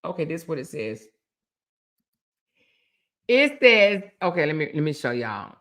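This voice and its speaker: Bright-voiced woman hosting a chatty livestream. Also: sits low, measured pace. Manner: animated, teasing, reads viewer comments aloud. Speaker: livestream host. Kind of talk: casual chat with live viewers.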